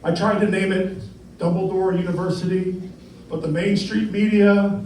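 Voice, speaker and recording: A boastful male wizard headmaster brags in drawn-out, emphatic phrases as a comedian's impression. The voice runs high. It rings from a distance through a noisy, echoing club. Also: little pitch movement, lightly acted. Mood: bragging. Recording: echoey room, distant mic, noisy.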